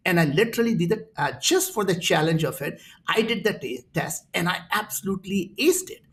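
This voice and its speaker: A man in his sixties from India with an Indian accent, a guest telling animated stories in an interview. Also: high-pitched, brisk. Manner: animated, acts out quoted voices in his stories. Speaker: entrepreneur guest. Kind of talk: storytelling in an interview.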